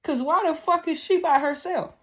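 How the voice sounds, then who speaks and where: Woman, TV recap host, casual rant, heavy swearing, rhetorical questions, loud-soft swings. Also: moderate pace. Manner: heated, profane, wide swings in pitch and loudness.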